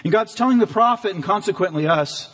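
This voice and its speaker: A man preaching a sermon as pastor, earnest and animated, sometimes acting out the voices in the story. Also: high voice, a little fast. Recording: long hall reverb.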